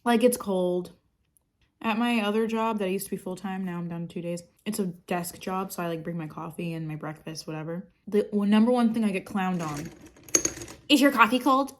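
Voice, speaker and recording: A woman's voice: fairly low pitch, fairly even intonation, fairly quick, darkish tone. A woman chatting casually through her makeup routine, rambling and sarcastic, swearing freely. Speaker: makeup vlogger. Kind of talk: casual get-ready-with-me chat.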